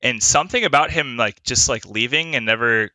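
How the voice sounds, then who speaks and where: A young man rambles through casual podcast chat with a very bright, forward voice. He stacks up filler words and swears easily. The sound is dry and close, with no room in it. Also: medium pitch, brisk, no echo. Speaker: podcast co-host.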